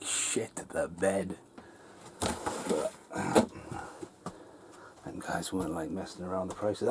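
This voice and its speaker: A man's voice: lowish voice, slight background noise. Rambling man telling a vlog story. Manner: rambling, excitable storytelling with swearing. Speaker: vlogger. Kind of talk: casual vlog outtakes. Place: home, partly in the attic.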